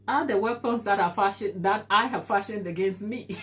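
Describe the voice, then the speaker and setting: A woman's voice: medium pitch, normal speed, faint music behind. A woman hosting a live baking stream, talking earnestly and encouragingly as she answers viewer comments, laughing easily. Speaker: baking show host.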